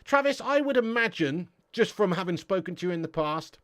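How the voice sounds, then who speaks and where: A young English man hosts a football live stream, reading out chat and trading cheeky, swear-laced banter with viewers. His voice sits a touch high and sounds dry and close to the mic. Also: big pitch swings, normal speed, a bit bright, no room sound. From England. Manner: banter-heavy, swears freely, laughs often, slangy.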